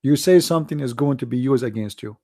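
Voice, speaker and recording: Guy, kinda hoarse and gravelly, rambling with lots of uhs, dry close sound. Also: medium pitch, fast talker, no echo. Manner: animated, repetitive, many fillers and restarts. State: losing his voice, hoarse. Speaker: debate show host. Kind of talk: casual commentary monologue.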